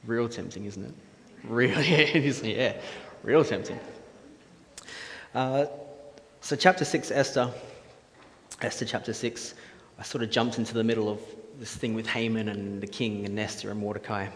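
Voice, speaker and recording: A man's voice: on the low side, fairly even intonation, moderate pace. Chatty, joking male preacher in echoey hall. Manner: jokey, chatty, asks the audience questions. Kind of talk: casual sermon. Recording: echoey hall with faint ambience.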